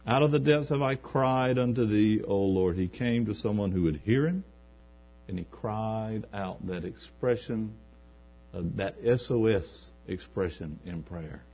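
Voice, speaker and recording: A man's voice: lowish voice, a little slow, faint music behind. A man preaching a sermon in a church, building to emphatic peaks and acting out quoted asides. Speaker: pastor. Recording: dull lo-fi recording.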